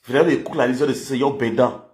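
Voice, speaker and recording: A man's voice: medium pitch, fast, darkish tone. A man with a Nigerian accent giving an angry, scolding rant as a vlogger. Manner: scolding, insulting, heated rant. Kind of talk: angry ranting commentary. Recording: echoey room, faint background noise.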